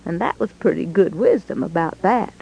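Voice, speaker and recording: A woman telling a Bible story in an expressive, folksy way. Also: lowish voice, normal speed, creaky, husky, muffled recording.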